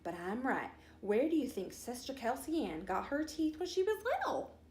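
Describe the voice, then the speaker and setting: An ornery young boy, sly and matter-of-fact, voiced by a woman reading aloud, in a storybook telling. The voice sits fairly high and echoes in a roomy space. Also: sing-song, normal speed, a little mellow, slight background noise. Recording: roomy echo.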